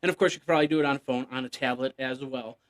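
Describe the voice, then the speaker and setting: A man's voice: mid-range voice, rapid-fire. A man hosting a casual solo tech news podcast, rambling and joking, now and then making beeping computer noises.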